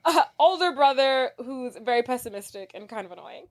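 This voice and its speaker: A woman's voice: sits high, expressive, a little fast. A woman co-hosting a movie podcast in casual chat, blunt and swearing freely. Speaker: podcast co-host.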